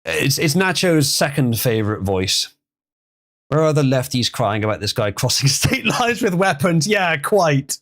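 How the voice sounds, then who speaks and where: A man's voice: medium pitch, very animated, normal speed, fairly bright tone. A man hosting a livestream, chatting casually, reading chat messages and laughing often. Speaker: livestream host.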